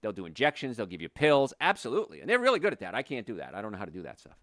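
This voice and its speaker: A man with a low voice hosts a health talk show as a chiropractor, speaking with blunt, passionate conviction. He gets heated and then settles back into plain explanation. The recording is dry and close, with no room sound. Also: rapid-fire, no room sound. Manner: passionate, opinionated, gets worked up then calms down.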